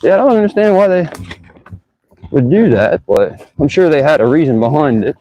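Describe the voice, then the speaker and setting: This man's voice is a little high, with big pitch swings, a warm tone and a moderate pace, though the recording is muffled. He's vlogging outdoors on a bike ride through town, narrating casually and musing aloud to a camera mounted on the bike in an easygoing, chatty way.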